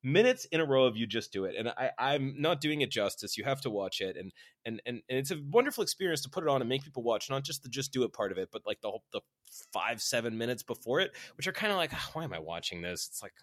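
Fast-talking man, dry close sound. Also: very animated, a bit bright, no echo. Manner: rambling, with many "right?" and "like" fillers; acts out quoted voices with big pitch jumps. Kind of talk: casual chat.

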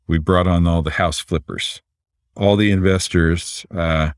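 A man, a physician and entrepreneur, explaining things in a relaxed conversational way and often tagging his points with "right?". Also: low voice, a little slow, no room sound, studio quality. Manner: relaxed, explanatory, frequent "right?" tag questions.

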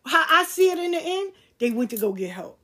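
A middle-aged woman hosts a podcast, speaking in an extremely high, sing-song voice that's brisk, pushed, and bright. She addresses her listeners directly in a candid monologue, blunt and emphatic, lecturing and preachy, and swearing freely.

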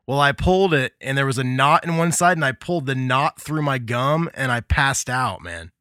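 Laid-back bright-voiced male host. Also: mid-range voice, lively intonation, fairly quick, hardly any pauses, no room sound, studio quality. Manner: laid-back storyteller, laughs often, says man and dude. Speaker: podcast host. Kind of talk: casual chat.

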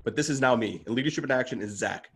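A man at an average pitch talks as a podcast guest in easy conversation. He comes across earnest and excitable, speaking from the heart. The tone stays casual and open. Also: fast talker.

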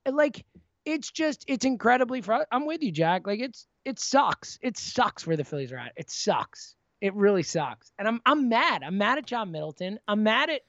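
A man co-hosting a casual sports talk show, ranting with animated frustration and frequent restarts. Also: sits high, normal speed, no room sound, lo-fi sound. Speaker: sports podcast co-host.

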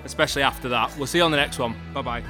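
A man's voice: medium pitch, rapid-fire, over music. A man hosting a podcast from a football stadium, chatting cheerfully and laughing often. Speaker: podcast host. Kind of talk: casual podcast chat.

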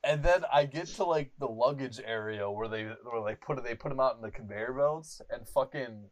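A young adult man hosting a podcast, telling a rambling, animated story full of swearing and fillers like "like.". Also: mid-range voice, moderate pace, poor audio. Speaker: podcast host. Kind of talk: casual storytelling chat.

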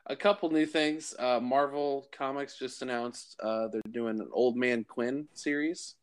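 A man's voice: medium pitch, steady tone, a little slow, clear, resonant tone. A man co-hosting a casual podcast, easily bringing up news items with ums and uhs. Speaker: podcast co-host. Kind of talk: casual chat.

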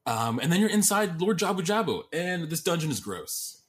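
A man's voice: a little high, big pitch swings, normal speed. A man co-hosting a podcast in casual chat, rambling with lots of fillers and sounding exasperated. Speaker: podcast co-host.

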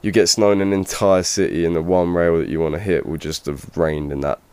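A man's voice: low voice, fairly even intonation, fairly quick, darkish tone, clear, resonant tone, dry recording. A young man from England with an English accent, chatting casually as a podcast guest, rambling with lots of fillers and restarts. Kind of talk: casual chat.

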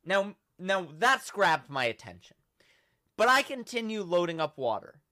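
A young man hosting a podcast, telling a story in a casual, animated way and acting out the quotes. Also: high voice, a little slow, no room sound, studio quality. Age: young adult. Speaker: podcast host.

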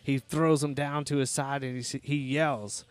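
A man's voice: mid-range voice, steady tone, moderate pace. A man, telling profane, joking stories about his kids on a casual podcast. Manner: profane storytelling, loose and joking. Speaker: podcast host, father.

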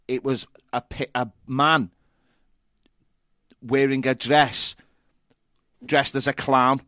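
A man, telling a lively anecdote on a casual podcast, laughing as he goes. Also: medium pitch, slow pace, no room sound, studio quality. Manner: animated anecdote teller, laughs often. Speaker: podcast co-host. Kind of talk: casual storytelling chat.

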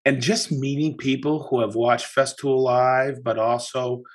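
Brief: male podcast host, mid-pitched, relaxed chat, animated storyteller. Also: measured pace. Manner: animated storytelling, chatty with many restarts. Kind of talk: casual chat.

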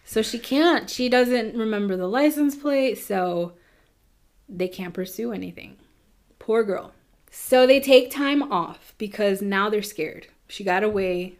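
A woman hosting a podcast, telling a true crime case in a casual, chatty way with quick asides. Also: mid-range voice. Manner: chatty, fast asides with nervous laughs. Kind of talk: casual storytelling.

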